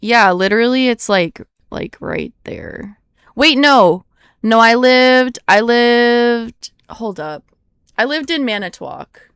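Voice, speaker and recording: Slow-talking young woman chatting on stream. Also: a little high, expressive, fairly bright tone, clean tone, no room sound, clean studio sound. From United States. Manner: rambling and easily surprised, swears when startled. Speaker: livestreamer. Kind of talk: casual live-stream chat.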